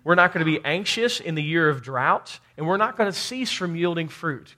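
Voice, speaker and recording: A man preaching a sermon in a high voice. He calls on the congregation for amens and repeats words as he works toward a point. Now and then his delivery rises to emphatic bursts. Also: animated, normal speed, few pauses, sharp tone. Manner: call-and-response preaching, rising to emphatic bursts. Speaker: pastor.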